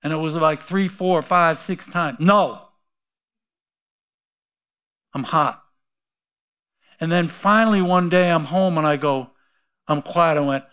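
Middle-aged male pastor, sermon, story-driven, acts out quotes, quiet-to-loud swings, slightly high voice. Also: slow, pauses often, clear, resonant tone.

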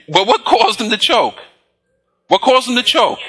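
A man preaching a sermon, reading scripture slowly and pausing to prompt the congregation with call-and-response questions. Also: very high voice, sing-song, pushed and bright, slightly rough. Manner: slow emphatic scripture reading. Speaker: pastor.

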